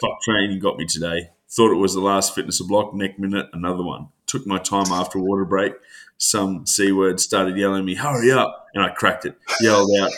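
Aussie bloke in his 30s, deep voice, laid-back podcast chat, stumbles and laughs. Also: steady tone, fairly quick, a bit bright. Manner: laid-back banter, repeats words, laughs often. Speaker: podcast co-host. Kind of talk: casual chat.

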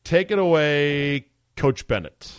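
A man's voice: fairly high pitch, lively intonation, slow pace, clear, resonant tone, no room sound. A man hosting a podcast, talking casually and enthusiastically into a studio mic. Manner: chatty, enthusiastic, emphatic. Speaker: podcast host. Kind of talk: casual chat.

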